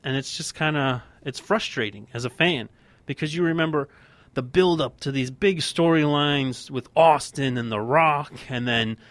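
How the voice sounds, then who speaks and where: A man's voice: a little high, normal speed, fairly bright tone, dry recording. A man co-hosting a casual wrestling podcast, talking in a heated, emphatic rant. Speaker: podcast co-host.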